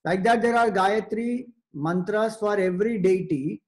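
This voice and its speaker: A man gives a spiritual discourse in a fairly high voice for a man. He explains slowly and carefully, in short phrases broken by pauses. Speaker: spiritual teacher.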